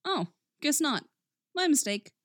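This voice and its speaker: A woman reading a story aloud, voicing a friendly male frog leader with a bright, cheerful manner. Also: sits high, big pitch swings, slow, no room sound, studio quality, voice pushed up, exaggerated voice. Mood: cheery.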